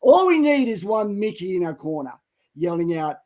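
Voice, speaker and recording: A middle-aged man co-hosting a Christian show, preaching with dramatic retellings that build to loud exhortations. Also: high voice, very animated, moderate pace, low-quality recording. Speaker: co-host of a Christian online show. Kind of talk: impassioned preaching and storytelling.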